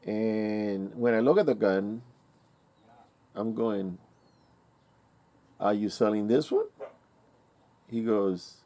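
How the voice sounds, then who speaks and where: A man's voice: lowish voice, mellow. A man casually telling a rambling story, with many fillers and restarts, acting out the quoted dialogue. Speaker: vlogger.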